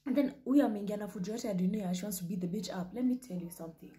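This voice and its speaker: A young Kenyan woman hosting a reaction show, talking loudly and profanely and slipping into Swahili. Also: mid-range voice, very fast. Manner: loud, profane, switches into Swahili. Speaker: host reacting to a video. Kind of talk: casual reaction commentary.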